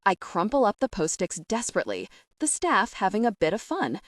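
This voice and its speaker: A woman narrating a first-person novel in an expressive storytelling voice. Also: medium pitch, brisk, no room sound, studio quality, far from the mic. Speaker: audiobook narrator.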